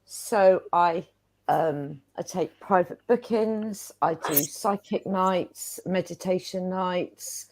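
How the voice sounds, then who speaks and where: A woman from the UK introduces her healing work in a slow, unhurried way, pausing and filling gaps with ums. Her voice sits a little low and soft. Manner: unhurried, hesitant, many ums. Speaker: holistic therapist and oracle. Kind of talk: casual self-introduction.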